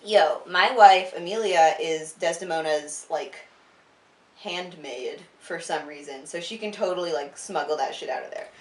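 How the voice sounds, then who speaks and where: A woman's voice: on the low side, normal speed, close to an everyday voice. A woman acting out a sly, slangy male schemer who plots in an offhand, casual way. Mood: scheming. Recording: roomy sound from a distant mic.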